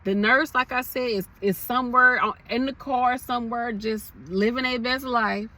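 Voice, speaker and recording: A woman's voice: a little high, fairly even intonation, moderate pace, bright, forceful tone. Impassioned woman nurse ranting. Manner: impassioned, preachy, addresses viewers as y'all. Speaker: nurse vlogger. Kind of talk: emotional casual rant to camera.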